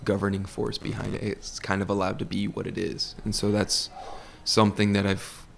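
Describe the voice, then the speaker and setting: A man who manages a bar, talking as a podcast guest in a relaxed, laid-back way. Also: on the low side, moderate pace, gravelly, slight background noise. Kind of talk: casual conversation.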